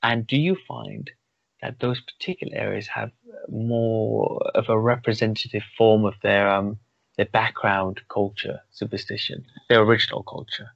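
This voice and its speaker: A man's voice: on the low side, fairly even intonation, moderate pace, vocal fry, dry recording. A man hosting a podcast interview, asking long thoughtful questions. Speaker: podcast host. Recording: dull lo-fi, dry sound.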